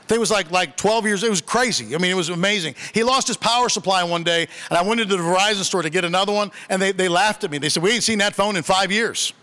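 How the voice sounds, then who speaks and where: A man's voice: high-pitched, bright, forceful tone. A male pastor preaching a sermon in a church, telling humorous, conversational stories. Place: church sanctuary. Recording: long church reverb.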